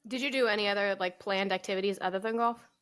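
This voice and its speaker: A woman with a medium-pitched voice co-hosts a podcast in casual chat. She mostly answers with short reactions and asks quick questions. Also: steady tone, a bit bright, clear, resonant tone. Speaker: podcast co-host.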